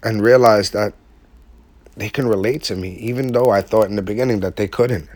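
A man's voice: on the low side, steady tone, a little fast, darkish tone, no echo. A man giving a heartfelt, casual motivational talk to his viewers, using slang and emphatic repetition. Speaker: vlogger speaking to his audience.

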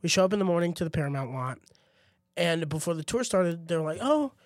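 Young guy with a high voice, goofy storyteller on a comedy podcast, dry close mic. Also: quick pace, dry recording. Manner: animated storyteller, puts on silly voices. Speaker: podcast co-host. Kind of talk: casual comedic chat.

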